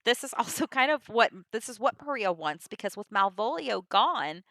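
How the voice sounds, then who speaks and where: A woman walks through a play's story in a relaxed, conversational way, peppering her summary with "you know" and "like." Her voice is bright and clear, and the recording is close and dry with no room sound. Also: fairly high pitch, normal speed, no echo. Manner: chatty, full of 'you know' and 'like'. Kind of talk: casual plot summary of a play.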